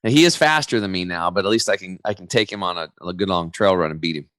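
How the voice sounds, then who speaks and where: Energetic low-voiced man telling stories. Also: fast, no echo. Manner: energetic storyteller, slangy, acts out quotes. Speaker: podcast guest, health coach. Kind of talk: casual interview chat.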